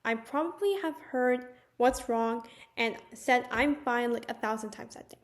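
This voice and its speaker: A young woman telling a personal story in a casual, animated storytime manner, with lots of "like"s. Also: fairly high pitch, unhurried. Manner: chatty, animated storytelling with many "like"s. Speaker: vlogger.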